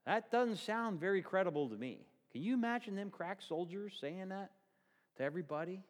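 A man's voice: high-pitched, expressive, normal speed, big-room sound. A male pastor preaching a sermon in a church, telling the story vividly and asking the congregation questions.

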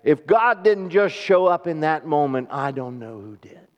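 A man preaching a sermon in a church hall, conversational, turning questions to the congregation, swinging from emphatic to soft and slow. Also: high-pitched, lively intonation. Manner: rising to emphatic, then drops to soft and slow. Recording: dull sound with long hall reverb.

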